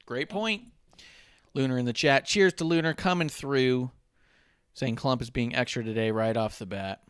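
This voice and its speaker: A man's voice: medium pitch, normal speed, clear, resonant tone, no echo, studio quality. A man hosting a comedy podcast, teasing his co-hosts in a playful, joking way. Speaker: podcast host. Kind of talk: casual comedic podcast banter.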